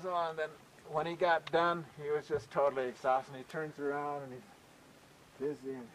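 Relaxed male folk storyteller. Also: medium pitch, a little slow, slight background noise, poor audio. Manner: relaxed, conversational, frequent "you know".

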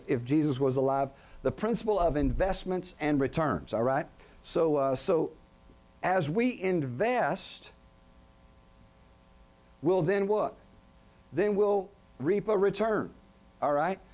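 A middle-aged man pastor preaching a sermon in a tent, often pausing to let the congregation finish his lines. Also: on the high side, darkish tone. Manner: call-and-response questions to the congregation.

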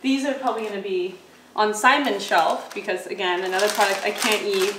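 A woman food vlogger reviews grocery snacks in casual chat, speaking fairly quickly in a medium-pitched, fairly even voice. She's chatty, laughs often and muses aloud as she tastes, recorded in an echoey room with the mic set back and background noise.

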